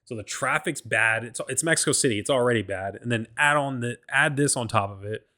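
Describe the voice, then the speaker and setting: A man's voice: medium pitch, fairly quick, bright, forceful tone. A man hosting his own show, telling a travel story in a casual, slangy, profane way. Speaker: podcast host.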